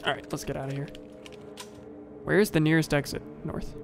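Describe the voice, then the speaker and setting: A man's voice: fairly high pitch, flat delivery, normal speed, vocal fry, noisy background. Wry young guy streaming a game. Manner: wry, rambling, self-corrects. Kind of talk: casual gameplay commentary.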